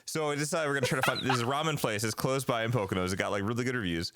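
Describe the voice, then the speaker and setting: A man's voice: medium pitch, rapid-fire, noisy background. A man in his forties hosting a casual podcast, telling stories with lots of fillers and restarts. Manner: rambling storyteller with many fillers. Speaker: podcast host.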